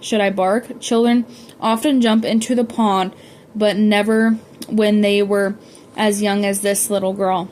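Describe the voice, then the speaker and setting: A woman's voice: mid-range voice, level tone, unhurried, darkish tone, a little hiss or hum. A woman reading a novel aloud, often stumbling and correcting herself as she goes. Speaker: audiobook reader.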